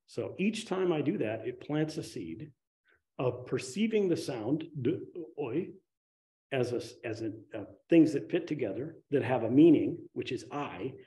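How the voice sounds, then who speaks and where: Lively, mellow-voiced man giving a dharma talk. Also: medium pitch, normal speed. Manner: conversational, animated storytelling with sudden excited rises. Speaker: meditation teacher.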